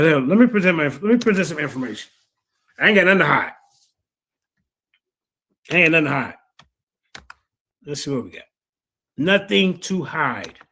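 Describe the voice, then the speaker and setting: A man's voice: mid-range voice, a bit bright. A man hosting a livestream, combatively rebutting a rival and reading out sources with lots of repeated phrases. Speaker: streamer host.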